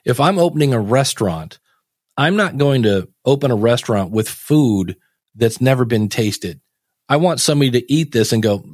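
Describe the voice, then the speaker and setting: Man from the United States, podcast guest, mid pitch, folksy chat, dry close recording. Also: expressive, normal speed, a little mellow, no room sound. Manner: folksy, acts out quoted voices. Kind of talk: casual chat.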